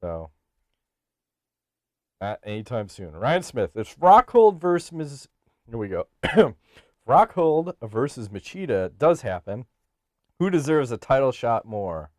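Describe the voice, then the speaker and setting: A man's voice: medium pitch, big pitch swings, takes it slowly, pauses often, dry recording. Brash joking man on a dry podcast mic. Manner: brash, profane and joking, laughs often. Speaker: podcast co-host. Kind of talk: casual chat.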